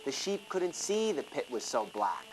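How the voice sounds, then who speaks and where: A storyteller reading a rhyming children's story in an expressive, sing-song way. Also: medium pitch, a little slow, noisy background. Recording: music playing under the reading.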